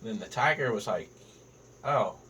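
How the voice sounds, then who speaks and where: A man's voice: lowish voice, normal speed, a bit bright. Guy cracking jokes, swearing a lot, podcast chat, sounds a little far off with faint noise. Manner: joking storyteller, swears freely. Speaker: podcast guest comedian. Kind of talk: casual podcast banter. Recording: distant mic with faint ambient noise.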